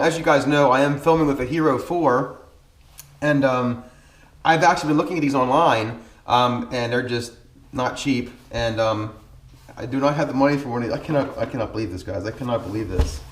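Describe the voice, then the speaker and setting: A man's voice: medium pitch, normal speed, reverberant. A man in his thirties from Pennsylvania, vlogging to camera about his car channel in a casual, earnest way with many ums. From Pennsylvania, USA. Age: 30s. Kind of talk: casual vlog talk to camera.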